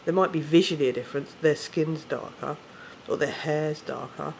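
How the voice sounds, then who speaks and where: A man's voice: a little high, moderate pace, vocal fry, a little hiss or hum. Swearing English man ranting to camera. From England. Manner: swearing, rambling, self-correcting. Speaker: vlogger. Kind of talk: casual rant to camera.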